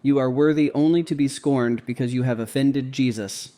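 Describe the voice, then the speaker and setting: A gentle male guardian angel, as a man reading the story puts him on, speaking softly and patiently as he corrects and comforts. The voice is mellow and dark, never raised. It suits a calm devotional storybook reading. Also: mid-range voice, moderate pace, close to an everyday voice. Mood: gently admonishing.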